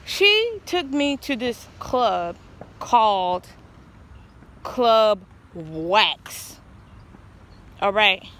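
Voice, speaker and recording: A woman with a mid-range, slightly bright voice records a casual vlog outdoors. She tells a long personal story in an earnest, rambling way, often halting and restarting her sentences.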